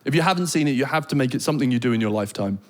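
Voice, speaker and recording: A man's voice: medium pitch, rapid-fire. British man telling stand-up stories. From Britain. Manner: animated storytelling with laughs. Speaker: stand-up comedian. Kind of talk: stand-up comedy.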